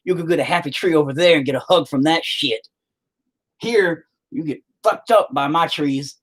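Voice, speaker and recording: A man's voice: a little high, moderate pace, fairly bright tone. An American man who hosts his own channel rants casually and profanely while painting, with sarcastic asides. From United States. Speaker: channel host.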